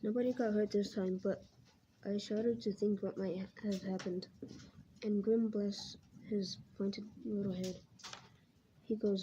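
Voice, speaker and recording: A teacher, a woman, reading a novel aloud to her class in a plain, even way, now and then stumbling and correcting herself. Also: mid-range voice, measured pace, a little hiss or hum. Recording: muffled lo-fi recording.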